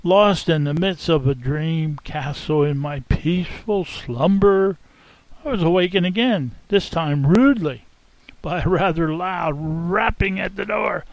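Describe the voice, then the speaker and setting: A man telling a first-person dramatic monologue as an innkeeper, theatrical and expressive, savoring the tale. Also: a little high, a little slow, gravelly, no echo, rough recording. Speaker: storyteller.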